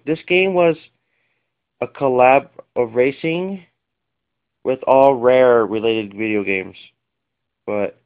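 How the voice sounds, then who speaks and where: A man talks through his game collection in a loose, rambling way, full of fillers and little apologies. His voice is smooth and of middling pitch. The home camera audio sounds dull and lo-fi. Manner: rambling, apologetic, many fillers and self-corrections. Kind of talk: casual video-game collection vlog.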